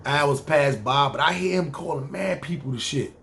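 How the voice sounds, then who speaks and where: A man with a New York accent telling his own story casually on a podcast, slangy and animated. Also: a little high, normal speed, vocal fry. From New York City.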